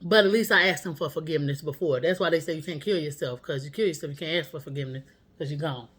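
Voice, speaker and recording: A woman's voice: sits low, quick pace, a bit bright, husky. A woman vlogger telling a story at home, candid and profane in a casual, chatty way.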